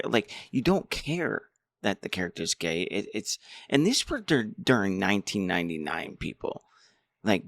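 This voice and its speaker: Guy rambling thru a movie review, slow and gravelly, dry sound. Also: deep voice, fairly bright tone, dry recording. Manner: rambling, many restarts. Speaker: movie commentator.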